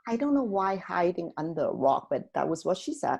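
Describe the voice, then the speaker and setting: Woman, storytelling guest, animated, laughs often, voices the people she quotes. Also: lowish voice, brisk, gravelly, hardly any pauses, breathy edge. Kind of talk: personal storytelling on a talk show.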